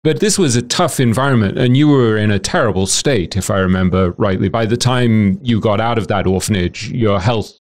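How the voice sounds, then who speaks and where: A man's voice: fairly low pitch, normal speed, few pauses, darkish tone. A man hosting a podcast, asking long, thoughtful, winding questions. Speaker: podcast host, interviewer. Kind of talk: interview questions.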